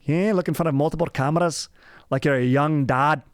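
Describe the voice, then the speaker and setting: A man's voice: on the high side, a little fast, clean tone, dry recording, studio quality, voice pushed up, natural voice. A man putting on a mock Scottish accent to play an angry Scotsman scolding a would-be actor. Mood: berating. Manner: shouting, profane, scornful.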